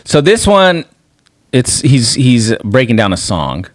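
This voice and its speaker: A man co-hosting a podcast in casual chat, telling crude stories with animated energy. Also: mid-range voice, slow pace. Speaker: podcast co-host.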